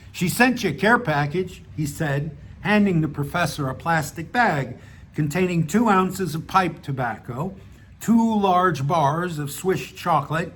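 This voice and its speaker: A man, the author, reading his own short story aloud, relaxed, with small restarts and casual asides. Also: fairly high pitch, a little hiss or hum. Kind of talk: audiobook narration of a short story.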